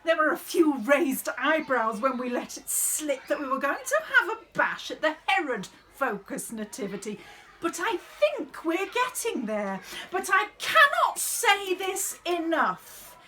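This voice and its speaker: Woman doing a fussy drama director, bossy, exasperated, high bright voice, swooping all over. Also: very animated, unhurried, a little hiss or hum, exaggerated voice. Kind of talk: comic monologue.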